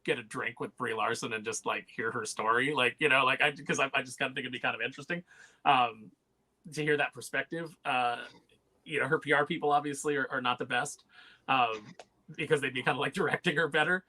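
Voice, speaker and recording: A man co-hosting a podcast in casual chat, animated and quick to mimic other people. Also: medium pitch. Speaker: podcast co-host.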